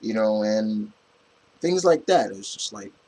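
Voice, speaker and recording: Husky-voiced man rambling through a review. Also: on the low side, unhurried, poor audio. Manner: rambling, animated, frequent restarts and fillers. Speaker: movie reviewer. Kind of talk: casual spoken movie review.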